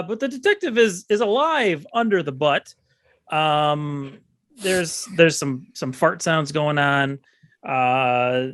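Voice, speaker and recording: Slow, halting man recapping a film. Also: fairly high pitch, a bit bright, no echo, clean studio sound. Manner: slow, halting, many ums and uhs. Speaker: podcast co-host recapping a film. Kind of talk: casual movie recap chat.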